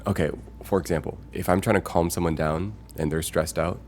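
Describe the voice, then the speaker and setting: Man, very deep voice, casual streamer chat, rambling, thinking aloud, reads chat out, faint background hiss. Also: steady tone, brisk, a little mellow. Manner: rambling and musing, thinking aloud with many fillers; reads chat messages aloud and greets viewers. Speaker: live streamer.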